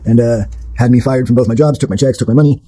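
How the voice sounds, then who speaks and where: A man talking quickly in a very dark, mellow, husky voice as he tells his own story to an interviewer. He is blunt and swears freely, rambling along with fillers and half-finished sentences. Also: medium pitch, steady tone, poor audio. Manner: blunt and profane, with many fillers. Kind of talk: candid personal storytelling.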